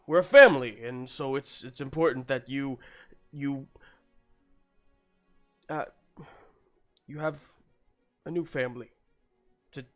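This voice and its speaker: A man's voice: medium pitch, fairly bright tone. A man playing a doting, tearful mentor. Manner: halting, stammering, affectionate. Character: doting older male mentor, tearful, sentimental.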